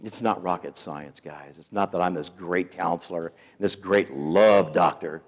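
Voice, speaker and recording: A middle-aged man giving a storytelling sermon to students as a week of prayer speaker, animated and acting out voices in his stories. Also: deep voice, a little slow, in a large hall. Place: school assembly hall.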